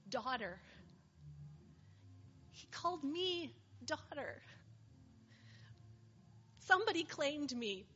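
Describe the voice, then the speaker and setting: A woman playing a weary healed woman, slow and earnest. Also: sits high, sing-song, fairly bright tone, full character voice. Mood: heartfelt. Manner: earnest, heartfelt testimony. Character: weary woman made whole after years of suffering. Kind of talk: first-person dramatic monologue. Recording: slightly muffled with faint hiss.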